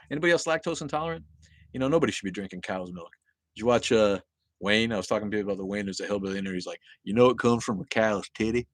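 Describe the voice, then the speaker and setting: A man's voice: mid-range voice, no room sound. Coughing man hosting a livestream. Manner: coughs often, swears casually, loud greetings to viewers. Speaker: livestream host. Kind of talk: casual livestream chat reading viewer comments. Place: at home with a dog nearby.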